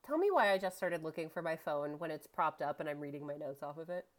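A woman's voice: low voice, animated, fast. A woman co-hosting a podcast, chatting casually about a TV episode with wry, teasing comments. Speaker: podcast co-host. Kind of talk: casual chat recapping a TV episode.

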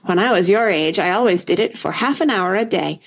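A woman voicing a flustered, scatterbrained old queen who frets and wrings her hands, her voice rising toward a squeak. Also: expressive, brisk. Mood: fretful. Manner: fussy, fretful, rising to a squeak.

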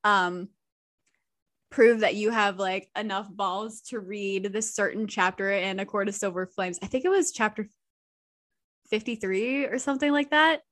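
A woman's voice: medium pitch, a little slow, a bit bright, dry recording. A young woman appearing as a guest on a podcast, chatting casually and laughing often. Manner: giggly, laughs often between sentences. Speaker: guest cosplayer. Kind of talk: casual chat.

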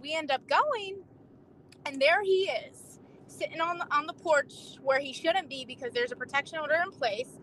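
A woman police officer telling a story in a casual chat over a remote call, animated and full of fillers. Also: high-pitched, normal speed, a little hiss or hum, low-quality recording.

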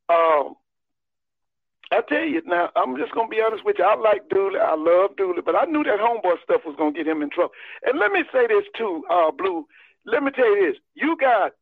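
A man's voice: sits high, dry recording. A man, calling in to a live sports show, talking emphatically and repeating his points in folksy terms. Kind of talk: casual sports talk. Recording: tinny phone line.

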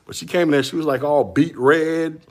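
A man's voice: fairly high pitch, steady tone, normal speed. A man from Central Florida hosting a casual tech stream, rambling through stories and calling his viewers y'all. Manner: rambling storyteller, slangy, addresses chat as y'all. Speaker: tech podcast host. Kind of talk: casual livestream chat.

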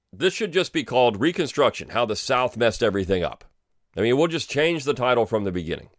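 Sarcastic low-voiced man with lively emphasis. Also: no echo, studio quality. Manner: sarcastic, lively emphasis, frequent fillers and restarts. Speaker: podcast host and history teacher. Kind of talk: opinionated commentary reading a script aloud.

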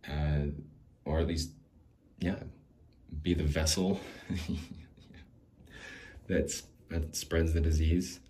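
Deep-voiced man rambling loosely. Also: steady tone, takes it slowly, pauses often, dark tone. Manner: loose, rambling, frequent "like" and restarts, swears casually; laughs between thoughts. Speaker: podcast host. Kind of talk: casual rambling monologue.

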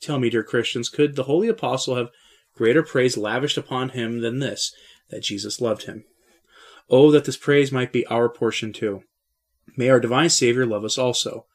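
A male preacher delivering a sermon in a solemn, measured way. He builds his points through rhetorical questions and direct appeals to his listeners, with a voice of ordinary pitch for a man.

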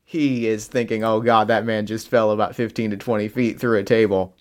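A man's voice: on the low side, steady tone, fairly quick. A man co-hosting a podcast in casual chat, easygoing and explanatory. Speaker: podcast co-host.

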